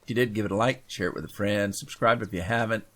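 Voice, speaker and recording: Folksy gaming man, low voice. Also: fast. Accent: Pacific Northwest US with Minnesota traces. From Washington State, US. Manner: rambling, folksy, trails off quietly. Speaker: gaming channel host. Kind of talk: casual let's-play commentary.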